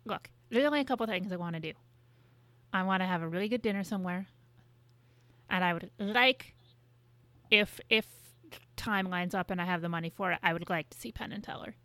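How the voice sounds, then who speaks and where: A woman's voice: lowish voice, a little fast, pauses often, fairly bright tone, no room sound. A woman co-hosting a podcast, telling stories in a rambling, exasperated casual way. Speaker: podcast co-host. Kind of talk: casual chat.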